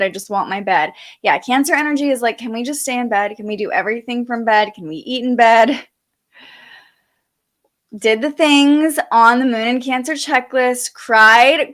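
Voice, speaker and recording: A woman's voice: fairly high pitch, a bit bright. Chatty young woman hosting a livestream. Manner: chatty, reads viewer comments aloud. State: sleepy. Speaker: astrology livestream host. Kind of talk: casual livestream chat.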